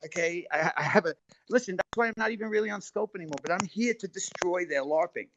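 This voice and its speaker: A man's voice: high voice, fast talker, a bit bright, slight background noise. A man arguing heatedly on a live stream, defensive and swearing, cutting in over others. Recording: dull lo-fi stream audio.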